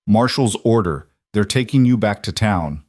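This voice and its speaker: A man's voice: on the low side, animated, normal speed, darkish tone, dry recording, clean studio sound. A man voicing a hardened, grim male rancher and war veteran who speaks in short, clipped lines. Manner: terse, clipped.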